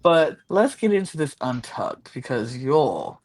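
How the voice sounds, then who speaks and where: A woman co-hosting a podcast, telling the story in a lively way and acting out what people said. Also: rumbling low, a little slow. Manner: animated storytelling, acts out quotes. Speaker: podcast co-host. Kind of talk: casual recap chat.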